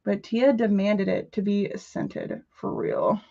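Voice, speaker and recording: A woman's voice: mid-range voice, sing-song, slow pace, gravelly, mellow, dull audio. Giggly woman chatting on a craft stream. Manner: chatty, giggly, jokey with viewers. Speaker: crafting livestream host. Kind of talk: casual livestream chat while crafting. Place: rural home.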